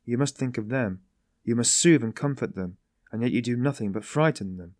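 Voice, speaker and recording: A man's voice: medium pitch, moderate pace, darkish tone, no room sound, clean studio sound, lightly acted. A man voicing a sly, genial detective who teases in a mocking, ironic way. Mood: coaxing. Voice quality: tittering, mocking.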